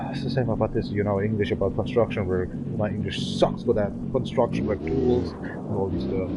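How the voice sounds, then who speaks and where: A man in his thirties from Germany with a German accent, chatting and joking in halting English while live-streaming a driving game. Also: lowish voice, creaky. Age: 30s. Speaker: gaming livestreamer. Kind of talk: casual livestream chat while drifting. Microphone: desk microphone. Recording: noisy stream with car sounds.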